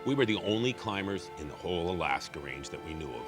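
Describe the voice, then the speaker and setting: A man speaks bluntly and with determination in a documentary interview. His voice is very deep. A loud score sits under everything he says. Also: animated, quick pace, loud music behind the voice.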